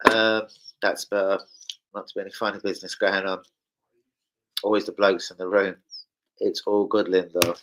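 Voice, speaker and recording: A man's voice: sits low, noisy background. A man hosting a football fan channel, hyper and slangy, swearing freely through casual chat and a transfer news roundup.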